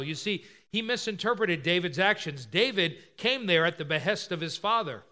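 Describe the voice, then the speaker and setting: A man's voice: high voice, animated, normal speed, few pauses, bright, forceful tone. A man preaching a sermon, explaining a scripture passage and acting out the voices of its characters as he retells them. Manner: expository preaching, acts out quoted voices.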